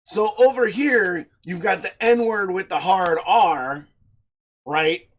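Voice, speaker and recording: A man's voice: high voice, slow pace. A man from the United States hosting a podcast, chatting casually, laughing often and swearing easily. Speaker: podcast host. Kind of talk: casual chat.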